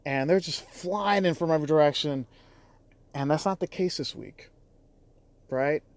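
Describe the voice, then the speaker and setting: A man's voice: on the high side, a little slow, vocal fry, no room sound. A man who drives for a rideshare app, talking in a casual vlog with a heated, exasperated, profane delivery. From Chicago area.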